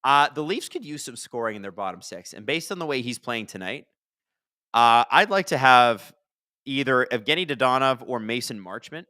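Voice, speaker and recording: A man hosting a live hockey watch-along, chatting and reacting loudly to plays. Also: medium pitch, expressive, moderate pace, no room sound, clean studio sound.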